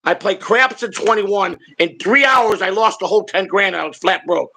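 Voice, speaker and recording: An older man tells long stories in a rough, gravelly voice. His tone is husky and slightly raised in pitch. He rambles, swears freely and stumbles over repeated words. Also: moderate pace, pushed and bright, rough recording. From Chicago. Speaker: show host telling stories. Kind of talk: casual storytelling chat.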